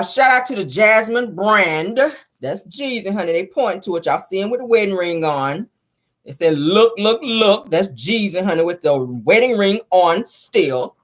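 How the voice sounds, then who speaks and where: A woman hosting a casual gossip show, sassy and animated, calling her listeners child and honey. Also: mid-range voice. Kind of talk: casual celebrity gossip commentary.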